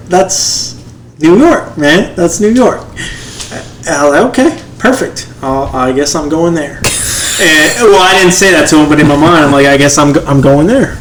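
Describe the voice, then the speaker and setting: A man's voice: mid-range voice, echoey room, a little hiss or hum, rough recording. A man in his thirties on a podcast, telling a story casually and acting out what people said to him. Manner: animated storyteller, acts out quotes in other voices. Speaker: podcast co-host, first responder.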